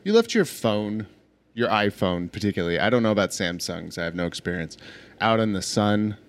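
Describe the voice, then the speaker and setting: A man's voice: fairly low pitch, animated, a little fast. A man chatting casually on a podcast, chiming in with dry, wry remarks. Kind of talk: casual chat.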